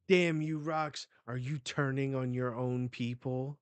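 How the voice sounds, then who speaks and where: A man's voice: medium pitch, measured pace, no echo, natural voice. A man reading the lines of a fierce, angry pirate woman from a manga.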